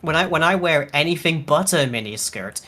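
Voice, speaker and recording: A co-host trades teasing, dry jokes in casual stream chat. The delivery is relaxed and conversational. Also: medium pitch, a little fast.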